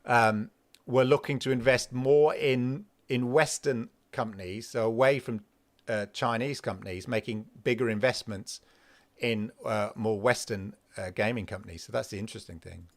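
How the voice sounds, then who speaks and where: A man's voice: medium pitch, steady tone, moderate pace, dry recording. A man hosting a casual gaming livestream, rambling and talking back to his chat viewers. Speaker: host of a livestream gaming show.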